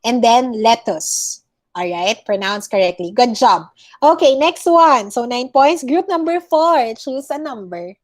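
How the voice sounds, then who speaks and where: A woman's voice: a little high, lively intonation, unhurried. A woman with a Filipino accent teaching an online class, going through words one by one and correcting how they are pronounced, switching now and then into Tagalog. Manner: corrects word by word, mixes English with Tagalog. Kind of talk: online class pronunciation feedback.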